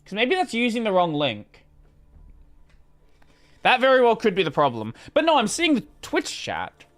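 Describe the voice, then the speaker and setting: A man livestreaming a game, talking in a loose, rambling way and swearing as he plays. His voice sits high and bright, and it swings up and down a lot. Quiet game music plays underneath. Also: moderate pace. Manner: rambling, swears casually, animated. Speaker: streamer. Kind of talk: casual gameplay livestream chat.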